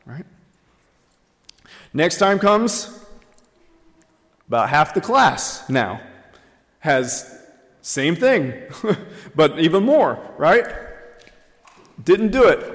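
A man's voice: fairly high pitch, big pitch swings, takes it slowly, pauses often, long reverb tail. A man preaching a sermon, telling a story earnestly with many ums and uhs. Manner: earnest storytelling with frequent fillers.

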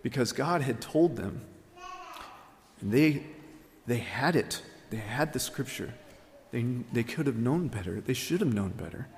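A man's voice: mid-range voice, lively intonation, a little slow, pauses often, big-room sound, slight background noise. A man preaching a sermon, telling a story earnestly with many ums and uhs. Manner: earnest storytelling with frequent fillers.

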